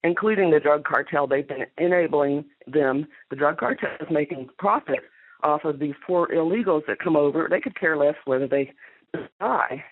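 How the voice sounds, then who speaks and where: A woman's voice: deep voice, moderate pace. A woman with a Texan accent calling a radio phone-in, blunt and emphatic with a drawl. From Texas. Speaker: caller. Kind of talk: phone-in call. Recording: tinny phone line.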